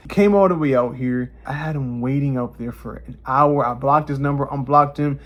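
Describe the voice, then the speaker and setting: Animated man telling a story. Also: normal speed, highs cut off. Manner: animated, acts out quotes in higher voices. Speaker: vlogger. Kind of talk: casual storytime.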